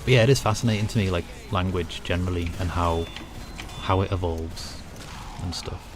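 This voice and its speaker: A man's voice: low voice, normal speed, soft background music. A man with a northern English accent, chatting casually and rambling to his chat while gaming on a livestream. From northern England. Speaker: streamer.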